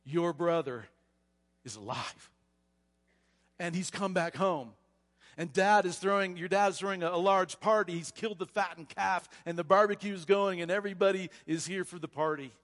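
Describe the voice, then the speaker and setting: Man voicing eager male servant, excited, blurting, echoing church hall. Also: sits high, normal speed, voice pushed up.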